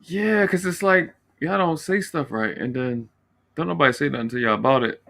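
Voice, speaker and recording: A man's voice: on the high side, lively intonation, moderate pace, vocal fry, a bit bright. A man hosting a casual panel chat, teasing and bantering with his guests.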